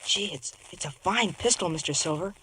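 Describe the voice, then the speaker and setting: A man's voice: sits high, lively intonation, normal speed, pushed and bright, a little hiss or hum, low-quality recording. A performer playing an eager, stammering young cabin boy in a 1950s radio drama. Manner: stammering, breathless.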